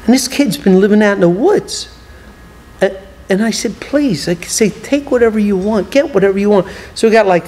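A man's voice: sits high, a little mellow. A man preaching as an evangelist, telling stories animatedly and acting out both sides of each conversation. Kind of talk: sermon storytelling. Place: church hall. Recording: long church hall reverb.

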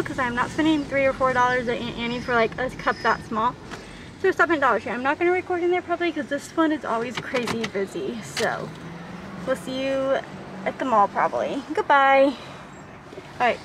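A woman with a high-pitched voice vlogs casually about being a service dog handler, talking to a handheld camera fitted with a wind muff. Chatty and rambling, she laughs often, first outdoors at a park and later inside a mall, with background noise around her.

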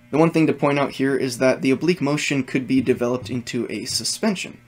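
A man gives a music theory lesson in a mid-range voice, working through each point step by step. Faint music plays quietly under his explanation. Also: medium pitch.

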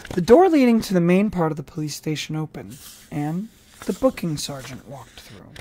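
A reader narrating a novel aloud chapter by chapter in an even, unhurried way. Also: medium pitch. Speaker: audiobook reader.

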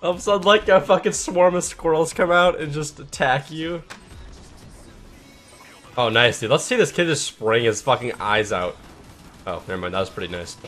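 A man giving live, profane gameplay commentary, mostly laid-back and mumbling, bursting into shouts at big plays. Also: fairly high pitch, expressive, moderate pace, pauses often, faint music behind. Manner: profane, swears constantly. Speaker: gaming channel host.

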